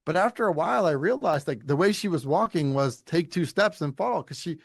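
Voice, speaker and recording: A middle-aged man from Louisiana, a leadership coach talking as a podcast guest in an animated, emphatic, folksy storytelling way. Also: on the high side, brisk, gravelly, no room sound. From Louisiana, United States. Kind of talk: conversational interview.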